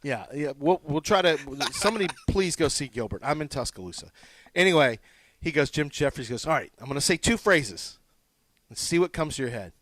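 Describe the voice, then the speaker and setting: A man's voice: a little high, moderate pace, a bit bright, no echo. A man co-hosting sports talk radio, telling rambling stories and acting out quotes. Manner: rambling anecdotes with acted-out quotes. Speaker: radio co-host. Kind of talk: sports radio banter, storytelling.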